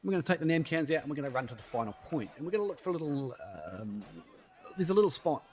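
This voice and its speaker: A man's voice: fairly high pitch, animated, racing, darkish tone, highs cut off. A man giving casual live commentary over his own gameplay, chatty and playful, tossing in sound effects and running remarks. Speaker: gaming YouTuber.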